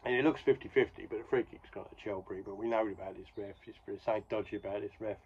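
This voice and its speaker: A man's voice: lowish voice, fairly even intonation, fast talker, darkish tone, breathy edge, muffled recording. A man in his forties casually retelling a comic strip with wry asides. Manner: wry, conversational, full of asides. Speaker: comics podcast host.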